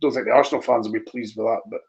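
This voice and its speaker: A man co-hosts a casual football chat, rambling through his points with restarts and short laughs. His voice sits at an ordinary middle pitch. The audio comes through dull and lo-fi. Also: steady tone, rapid-fire, creaky, a little mellow. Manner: rambling, hesitant, laughs often. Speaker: podcast co-host.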